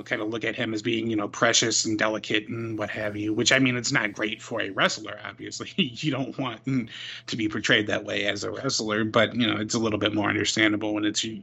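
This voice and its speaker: An easygoing man co-hosting a casual chat, softening his points with "you know" and "kind of". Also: fairly low pitch, steady tone, brisk, vocal fry, breathy edge, muffled recording. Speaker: co-host.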